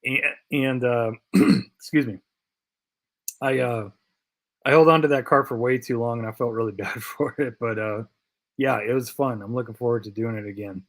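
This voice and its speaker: This diecast live stream host has a mid-range, fairly bright voice with a steady tone at normal speed. Short on sleep and sounding it, he rambles through viewer comments with plenty of fillers and repetition, jokingly affecting a Canadian accent.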